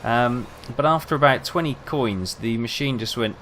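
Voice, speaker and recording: A man's voice: medium pitch, normal speed, few pauses, a bit bright, slight background noise. A young man rambling casually, telling self-mocking stories over gameplay. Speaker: gaming video host.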